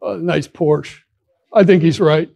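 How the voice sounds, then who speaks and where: High-voiced male pastor preaching. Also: takes it slowly, vocal fry, a little mellow. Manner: earnest, conversational preaching with frequent restarts. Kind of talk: sermon.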